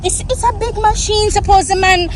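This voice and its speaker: A woman's voice: extremely high pitch, steady tone, moderate pace. A young Jamaican woman vlogging on a phone while she is out with her kids, mixing Patois and English. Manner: mixes Patois with English, talks straight to her children. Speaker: vlogger and mother. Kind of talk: casual vlog talk to camera and kids. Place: outdoors by city streets and on a bus. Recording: traffic noise outdoors.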